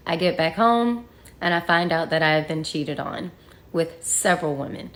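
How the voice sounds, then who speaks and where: A woman's voice: sits low, expressive, moderate pace. A woman telling her own story to viewers in a candid, frank way, sometimes swearing, with conversational fillers. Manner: frank and profane, talks straight to viewers.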